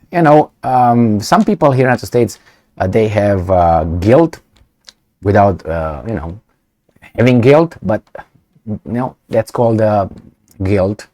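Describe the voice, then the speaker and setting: A man's voice: lowish voice, slow, long pauses, a little mellow. A man giving blunt, sarcastic political commentary in a casual way, with many fillers.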